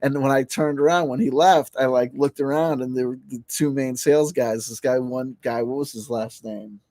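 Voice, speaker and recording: A man's voice: medium pitch, fairly even intonation, normal speed, darkish tone, no echo. A man casually telling a rambling, profane story on a livestream, full of restarts and fillers and laughing as he goes. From New Jersey. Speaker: livestream host.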